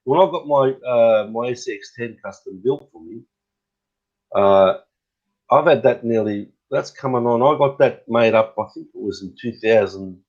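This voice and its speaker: A man's voice: mid-range voice, normal speed, muffled recording. A middle-aged man chatting casually as a guest on a live stream, rambling and hesitant with many fillers. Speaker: guest RC hobbyist.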